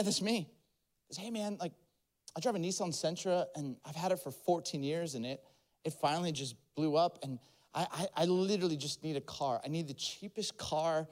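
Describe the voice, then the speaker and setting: Male pastor, slightly high voice, animated sermon storytelling with character voices and shouted climaxes.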